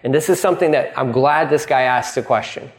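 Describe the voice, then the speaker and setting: A man preaching a sermon as pastor, animated and quick to act out voices, often restarting his sentences. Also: mid-range voice. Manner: animated, acting out voices in dialogue; frequent restarts and stumbles.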